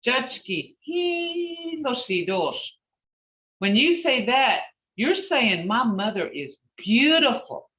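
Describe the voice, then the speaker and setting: Woman teacher on a video call, slow and patient, repeats every word, echoey and far off, kinda muffled. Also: medium pitch, bright, forceful tone. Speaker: language teacher. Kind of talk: online language class. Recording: roomy, distant, dull video call audio.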